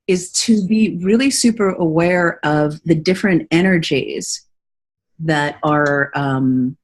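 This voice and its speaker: A woman's voice: low-pitched, low-quality recording. An American woman hosting a casual webinar Q&A as a voiceover coach, chatty and laughing easily as she tells stories. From United States.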